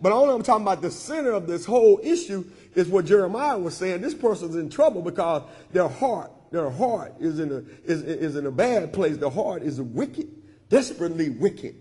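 A man's voice: sits high, animated, moderate pace, dark tone, breathy edge. A man preaching a sermon as pastor, repeating lines in call-and-response style. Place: church sanctuary. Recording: long church hall reverb.

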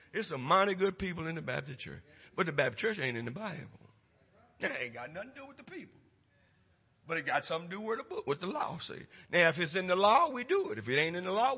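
A preacher tells a folksy story in his sermon and rises to loud, emphatic points in the church. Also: sits high, slightly rough, in a large hall. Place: church sanctuary.

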